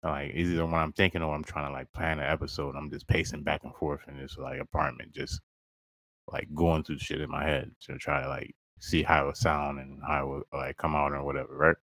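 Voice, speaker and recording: A man's voice: rumbling low, flat delivery, brisk, a bit bright, no room sound. A man hosting a podcast, telling a personal story in casual, slangy talk, laughing often and calling the listener "bro". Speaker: podcast host.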